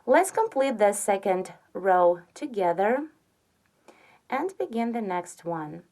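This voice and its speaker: Slow, patient woman teaching crochet. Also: mid-range voice, sing-song. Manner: slow, patient, counts stitches aloud softly. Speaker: crochet instructor. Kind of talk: step-by-step tutorial narration.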